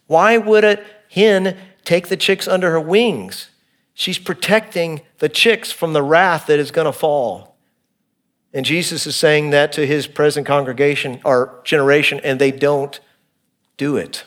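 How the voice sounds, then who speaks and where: A pastor preaching in a fairly high male voice, middle-aged and earnest. He moves between emphatic points and quiet, hushed stretches as he explains a text. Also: moderate pace. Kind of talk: expository sermon.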